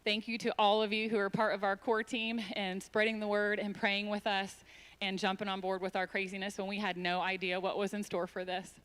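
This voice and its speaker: A woman's voice: medium pitch, little pitch movement, brisk, a bit bright, clear, resonant tone. Tearful woman giving a church introduction. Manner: emotional, tearful, heartfelt. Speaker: speaker introducing the founder. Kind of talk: prepared speech at a church event. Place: church sanctuary.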